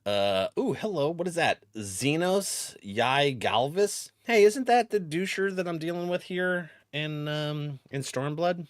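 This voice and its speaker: Giggly, lively man streamer with a cold. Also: a little high, measured pace, hardly any pauses, no echo, clean studio sound. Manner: laughs often, acts out friends' lines in a raised voice. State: has a cold. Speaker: gaming streamer. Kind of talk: casual stream chat.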